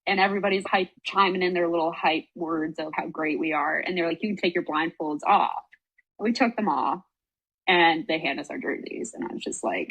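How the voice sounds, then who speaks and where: A woman's voice: on the low side, moderate pace, breathy edge, low-quality recording. A young woman, a former college soccer player, tells a story on a casual podcast, swearing freely and acting out the voices of others. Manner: animated, swearing, acts out quoted voices, frequent "like".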